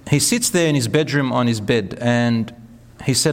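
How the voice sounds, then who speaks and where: A man's voice: mid-range voice, normal speed, few pauses, big-room sound. A man giving an earnest, encouraging religious talk, telling stories to an audience. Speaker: speaker at a talk.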